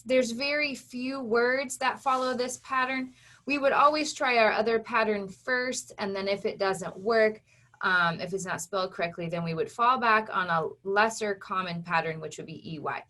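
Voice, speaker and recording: Bright-voiced phonics teacher woman. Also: mid-range voice. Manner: patient, explains step by step to young learners.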